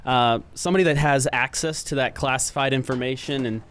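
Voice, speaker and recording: A man on staff filling in as co-host, chatting casually in a measured, agreeable way with some hesitant fillers. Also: medium pitch, a bit bright, clean tone. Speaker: staff member and guest co-host. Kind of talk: casual chat.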